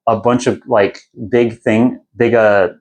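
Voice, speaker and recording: A young man hosts a podcast, summarizing a fantasy book in a loose and irreverent way. His voice sits at an ordinary middle pitch. He rambles through fillers and restarts. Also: fairly even intonation, slow pace. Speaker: podcast host. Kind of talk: casual book recap.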